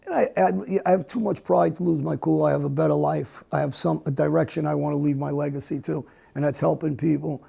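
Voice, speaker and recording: A middle-aged man, an interview guest, speaking bluntly in a halting way with many restarts. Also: a little high, fairly even intonation, creaky, mellow, breathy edge. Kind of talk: candid conversational interview.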